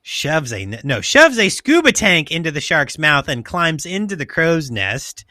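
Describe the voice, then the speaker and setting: Podcast host guy, super bright punchy voice, dry close sound, jokey and swears a lot. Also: on the high side, big pitch swings, measured pace, no room sound. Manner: joking, swears freely, loose asides. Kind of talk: casual podcast chat, reading a plot summary.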